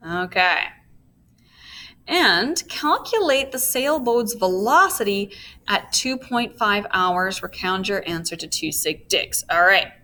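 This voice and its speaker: In a recorded physics lesson, a woman walks through each step and checks in with her students using "okay?", adding playful asides. Her voice is mid-range with a sharp tone, and a little hiss or hum is audible.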